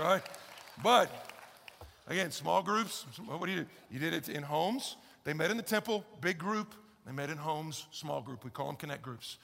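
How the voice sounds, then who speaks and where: A male pastor preaching a conversational, emphatic sermon in a large church, swinging from loud to hushed. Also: high voice, a little fast, gravelly, slight background noise. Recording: long hall reverb in a church.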